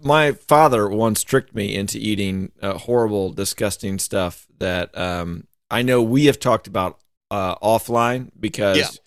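A man's voice: lowish voice, unhurried, dry recording, clean studio sound. A man co-hosting a podcast, talking casually and rambling through a story, filling it with "like". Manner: rambling, heavy use of "like", storytelling. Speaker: podcast co-host. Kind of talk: casual chat.

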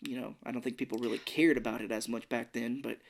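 A podcast co-host in casual movie review chat, animated, often acting out characters' lines in quick impressions. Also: medium pitch, creaky.

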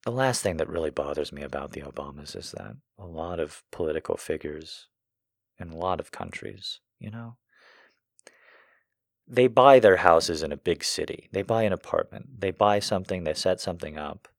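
A very deep-voiced man delivering a fired-up political rant, swearing freely and letting his emotions show. His voice sits low, close and dry, with no room around it. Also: normal speed, gravelly, no room sound. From United States. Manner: heated, profane, emotional. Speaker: political commentator.

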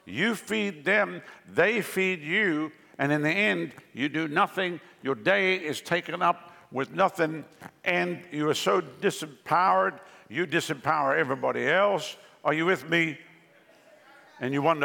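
A male pastor with a sharp, highish voice and vocal fry preaches a little slowly, telling jokes and stories to his congregation. The sermon is delivered in a large church hall with long reverb.

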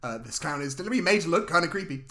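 Bright-voiced, animated man. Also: fairly high pitch, very fast. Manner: animated, sweary, jokey retelling. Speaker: podcast co-host. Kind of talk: casual film recap chat.

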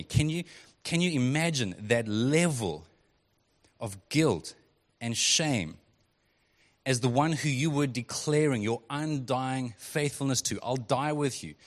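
A male pastor preaching a sermon in a relaxed, conversational way, reading scripture and breaking into quick acted quotes. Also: mid-range voice. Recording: long hall reverb.

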